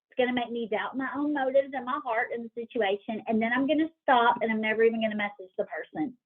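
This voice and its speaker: A fairly high-voiced woman coaching her sales team on a group call, animated and conversational, playing out anxious thoughts before turning them around. Her voice comes through a thin, phone-like line. She pauses to ask her listeners to unmute and answer. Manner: animated, acts out inner voices, asks the group questions. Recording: tinny phone-like call audio.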